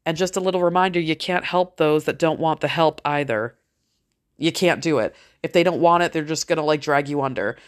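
Woman, middle-aged, slightly low voice, casual monologue, frank, heavy swearing, motivational. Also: a little fast. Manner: motivational, rambling.

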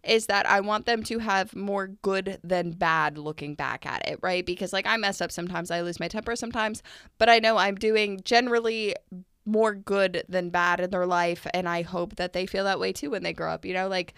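A young adult woman co-hosting a casual podcast, talking in an earnest, reflective way and quick to laugh. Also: medium pitch, steady tone, a bit bright, smooth, no room sound, clean studio sound. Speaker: podcast co-host.

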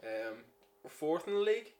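A man's voice: fairly high pitch, big pitch swings, normal speed, darkish tone. A Northern Irish man in his twenties, a podcast guest chatting casually with dry, teasing humour. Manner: dry, teasing, laid-back. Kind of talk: casual chat.

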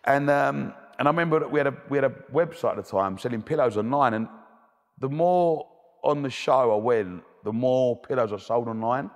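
A man's voice: mid-range voice, moderate pace. A man as a guest speaker, telling stories in a chatty, plain-spoken way and laughing often. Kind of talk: storytelling. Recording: long hall reverb.

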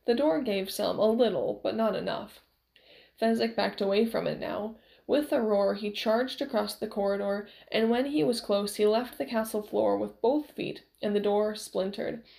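A woman narrating a novel aloud in a measured, steady storytelling way. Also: mid-range voice, vocal fry. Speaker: audiobook narrator.

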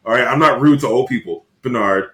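A man's voice: mid-range voice, fairly quick, bright, forceful tone. A young man co-hosting a podcast, bantering casually and teasing his friend with playful indignation. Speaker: podcast co-host. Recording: roomy echo.

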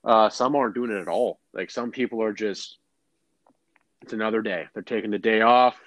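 A man co-hosting a podcast, telling a story in casual chat with lots of restarts and animated asides. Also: lowish voice, normal speed, dry recording, low-quality recording. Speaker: podcast co-host.

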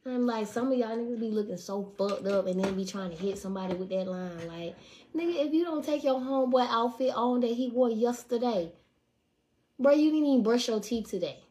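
Speaking briskly in a fairly high, mellow voice with lively intonation, a young woman delivers a profane, casual rant to camera. Slight background noise is present, and she hammers her points home with hard swearing and repeated lines.

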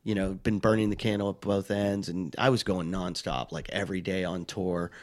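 A middle-aged man with a fairly low voice tells a long, rambling story in relaxed conversation. He mocks himself and slips into the voices of the people he quotes. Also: normal speed. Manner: rambling, self-mocking, acts out quoted voices. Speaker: touring stand-up comic, podcast guest. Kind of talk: casual storytelling chat.

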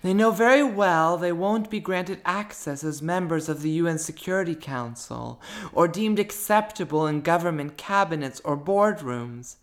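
A woman's voice: on the low side, animated, moderate pace. A woman author talking about her writing and then reading her own prose aloud, thoughtful and searching for words.

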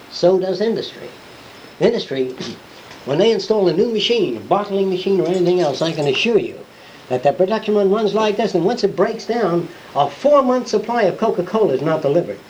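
A man's voice: high-pitched, a little mellow, muffled recording. A man giving an unscripted classroom lecture, blunt and rambling, swearing and acting out the people he quotes. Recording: old lecture tape with hiss.

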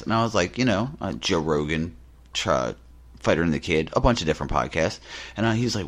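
A man with a low, deep voice chats casually on a podcast. He spins animated anecdotes and slips into the voices of the people in them. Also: quick pace. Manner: animated, acts out quotes in his anecdotes. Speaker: podcast co-host. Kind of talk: casual storytelling chat.

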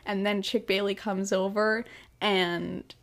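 A woman co-hosts a laid-back podcast, speaking at an unhurried pace. She retells scenes with playful little impressions of each character, keeping the tone chatty and relaxed. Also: mid-range voice. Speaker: podcast co-host. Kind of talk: casual film recap chat.

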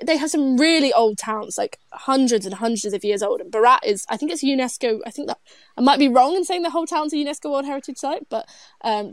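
A chatty young British woman co-hosting a podcast, with a high voice full of giggles and fillers. The sound is dry and close, with no room in it. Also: no echo. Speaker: podcast co-host. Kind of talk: casual podcast chat.

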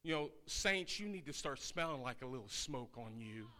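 A man's voice: mid-range voice, expressive, moderate pace, bright, forceful tone. A man pastor preaching a sermon, telling a story in a folksy, conversational way.

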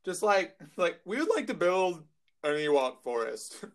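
A man from Texas trades jokes in relaxed podcast banter. His voice sits a bit high and swings widely in pitch. He laughs easily and talks playfully. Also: unhurried. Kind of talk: casual chat.

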